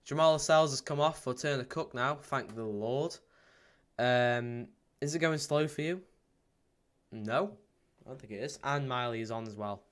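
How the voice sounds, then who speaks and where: A man hosts a live watchalong stream in a clear, resonant voice of middling pitch. He rambles casually between viewer comments and match play-by-play, dotted with ums and restarts. When the chances come, he rushes into quick, excited calls. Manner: bursts into excited play-by-play at goals.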